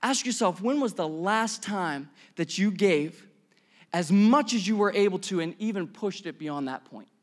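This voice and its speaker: In a high voice at a measured pace, a man gives a sermon as pastor, relating stories with animated, conversational energy and occasional bursts of emphasis.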